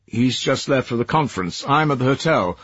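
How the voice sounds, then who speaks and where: A man's voice: medium pitch, animated, brisk, a bit bright, husky, no echo, muffled recording, voice pushed up. A man voicing an edgy male civil servant. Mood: strained.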